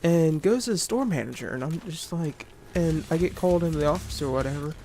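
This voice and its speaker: Brief: young guy, slightly high voice, venting a work story with cursing and stumbles, game gunfire going off behind. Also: expressive, fairly quick, dark tone, slight background noise. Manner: ranting, profane, lots of restarts and fillers. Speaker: gaming video creator. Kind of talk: casual storytelling over gameplay.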